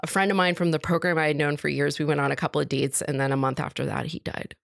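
A woman comedian tells a strange personal story on a podcast, dropping blunt punchlines in a deadpan way. Her voice sits slightly low. The sound is close and dry, with no room around it. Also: fast, gravelly, no echo. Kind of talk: casual comic storytelling.

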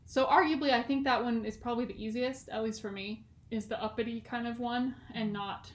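A twentysomething woman from California co-hosts a podcast, her fairly high voice steady in tone and a little fast. The room is echoey. She chats and rambles casually, laughing often and leaning on lots of "like" fillers.

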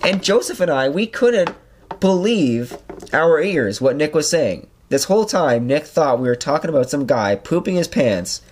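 Fairly high in pitch and moderately paced, a young man tells stories on his podcast. He rambles in a loose, animated way, leaning on plenty of fillers.

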